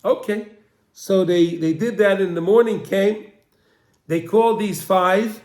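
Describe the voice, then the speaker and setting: A man who teaches religion, telling a long story in a halting way and repeating phrases again and again. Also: sits high, darkish tone. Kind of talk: storytelling lesson. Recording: roomy echo.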